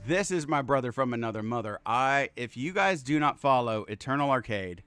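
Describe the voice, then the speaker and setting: Male game streamer, excitable, foul-mouthed, affectionate with chat, bright tone, music faint behind. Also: medium pitch, brisk, clear, resonant tone. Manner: excitable, swears often, laughs a lot, affectionate to chat. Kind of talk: casual live-stream chat.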